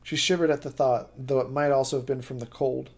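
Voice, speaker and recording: A man's voice: mid-range voice, fairly quick, husky. Man reading a novel aloud on stream. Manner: steady reading with occasional slips and self-corrections.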